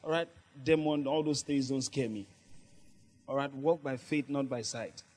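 Speaking at normal speed with a medium-pitched voice, this man delivers a lively sermon. He laughs a lot and draws call-and-response from his congregation.

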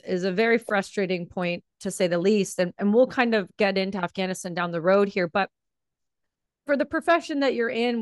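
A woman's voice: medium pitch, no room sound. Earnest woman host, dry close sound. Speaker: podcast host, veteran. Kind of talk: casual interview.

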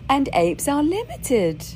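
In a candid monologue from a rented lodging, a woman shares a spiritual experience in a blunt, emphatic way, swearing and laughing often. Her mid-range voice is a little mellow, and there's a slight hiss or hum on the recording.

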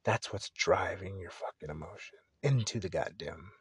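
A man's voice: sits low, moderate pace, slightly rough, no echo. A young man hosting a solo podcast, talking casually in a rambling, profane, laid-back way. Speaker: podcast host.

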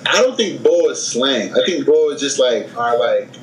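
A man's voice: mid-range voice, moderate pace, over a noisy crowd. Philly-accented man, blunt, profane, roomy echo. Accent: Philadelphia. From Philadelphia. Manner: blunt, profane, animated arguing. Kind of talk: casual chat. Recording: echoey room with faint noise.

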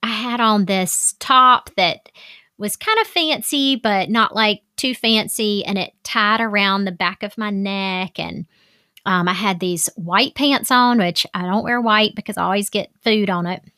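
A woman's voice: mid-range voice, a little slow, bright, forceful tone, no room sound, studio quality. A middle-aged woman hosting a podcast, talking in a candid, chatty way with asides and fillers. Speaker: podcast host. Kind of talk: casual solo podcast talk.

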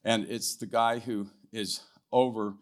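A man's voice: lowish voice, fairly even intonation, measured pace. Older man telling a church story. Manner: conversational, tags lines with "right?", clears throat often. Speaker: guest speaker. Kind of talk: storytelling testimony talk. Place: church hall, live event.

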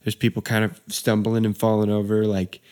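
A man's voice: lowish voice, completely flat delivery, brisk, a little mellow. Laid-back young man telling a story. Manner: laid-back, says dude and you know a lot. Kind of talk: casual storytelling chat.

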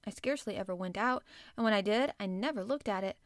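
A woman's voice: mid-range voice, fast, no echo, clean studio sound, close to an everyday voice. A woman voicing a lordly, commanding young boy who is sickly and dreamy.

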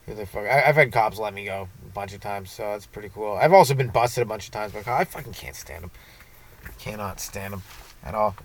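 A young man hosting his own comedy podcast, rambling through profane stories and rants with sudden loud bursts. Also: lowish voice. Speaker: stand-up comedian and podcast host.

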